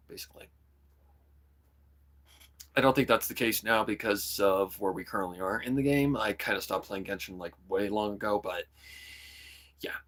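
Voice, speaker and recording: A young man streaming, chatting casually and rambling about voicing characters, often breaking into quick voice demos. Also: fairly low pitch, a bit bright. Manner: rambling, full of "kinda" and "like", jumps into voice demos. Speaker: streamer and hobby voice actor. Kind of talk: casual livestream chat.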